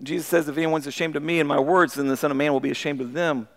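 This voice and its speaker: A man preaching a sermon in an animated way, often repeating words as he starts a sentence. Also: fairly high pitch, rapid-fire. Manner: animated, acts out voices of people in the story. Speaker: pastor. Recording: long hall reverb.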